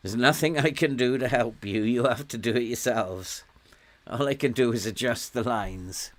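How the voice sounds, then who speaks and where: An older Welsh man streams a game at a moderate pace in a medium-pitched voice, chatting casually as he coaxes and scolds his virtual players and chuckles often.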